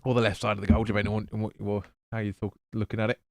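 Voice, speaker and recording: A man's voice: fairly low pitch, flat delivery, quick pace, vocal fry, dry recording, studio quality. A man hosting a live football watch-along, chatting casually, swearing and stumbling over player names. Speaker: fan stream host.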